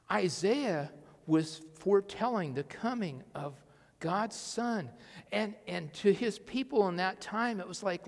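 Male pastor, high voice, lively sermon full of questions, long hall reverb. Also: measured pace. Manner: animated, asks the congregation questions.

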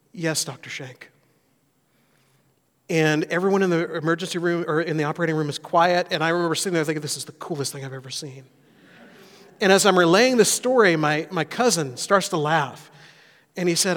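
A man's voice: on the high side, fairly bright tone. Man preaching in a reverberant hall. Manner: earnest storytelling, rising intensity on key points. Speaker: pastor. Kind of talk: sermon.

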